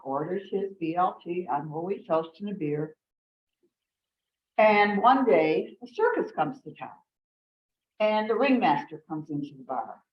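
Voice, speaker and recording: A woman club member telling a long shaggy dog joke on a video call, lively and animated. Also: fairly low pitch. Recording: echoey room, dull sound.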